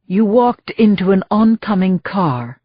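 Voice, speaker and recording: A woman's voice: medium pitch, measured pace, husky, no room sound. Lady narrating a chill reassuring guy doctor, dry muffled sound. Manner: assuring, steady. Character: calm man doctor in his thirties.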